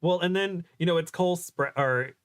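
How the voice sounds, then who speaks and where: A man's voice: high voice, moderate pace, smooth, dry recording. Chatty laughing man, dry sound. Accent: American. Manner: chatty, laughs often, trails off and restarts. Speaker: guest co-host. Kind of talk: casual livestream chat.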